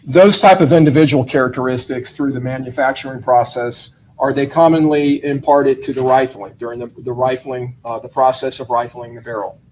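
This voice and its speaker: A man questioning a witness in a courtroom, asking measured, methodical questions with occasional hesitations. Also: mid-range voice, steady tone, darkish tone, a little hiss or hum, low-quality recording.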